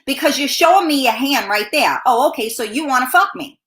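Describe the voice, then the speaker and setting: A high-pitched woman talk-show host rants in a blunt, profanity-laced monologue. Her bright voice swings widely in pitch. The recording has a roomy echo. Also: expressive, moderate pace, few pauses.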